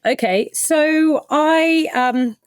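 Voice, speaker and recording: A woman's voice: sits high, drawn-out words, no room sound, studio quality. A middle-aged woman, a podcast guest, candidly and emotionally retelling a personal story in conversation. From Australia. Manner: candid, emotional retelling with many quoted exchanges.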